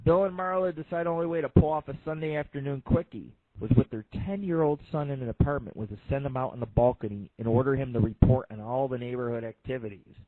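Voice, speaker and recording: Over a lo-fi, phone-like line, a man with a mid-range voice hosts an internet radio show. He tells crude jokes in a rambling, profane monologue packed with fillers, and there's no echo.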